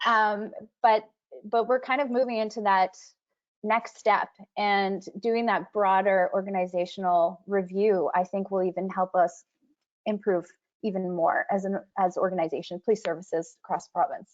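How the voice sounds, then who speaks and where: A woman's voice: medium pitch, fairly even intonation, normal speed. Woman speaking on a muffled video call. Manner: conversational, many fillers and restarts. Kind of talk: webinar panel talk.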